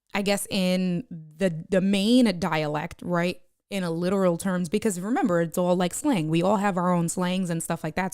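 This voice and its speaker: A woman chatting on her live stream, telling a lively story, laughing often and reading viewer comments aloud. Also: lowish voice, no room sound, clean studio sound. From United States. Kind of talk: casual live-stream chat.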